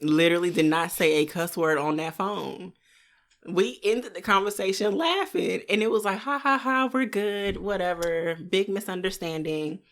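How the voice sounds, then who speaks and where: A soft-spoken woman, chatting casually as a podcast co-host and laughing often. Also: mid-range voice, moderate pace. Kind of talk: casual chat.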